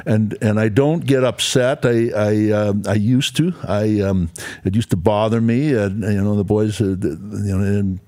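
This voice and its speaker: A man in his sixties with a fairly low voice tells stories in a relaxed chat show. He rambles and stops often, with plenty of fillers and restarts, like an old football player reminiscing. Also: normal speed. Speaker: former pro football player, show regular. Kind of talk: casual storytelling chat.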